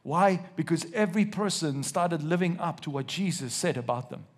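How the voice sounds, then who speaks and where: Husky high-voiced male preacher. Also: expressive. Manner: reads scripture slowly with emphasis, asks the congregation questions, jokes. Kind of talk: sermon to a live congregation. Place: church.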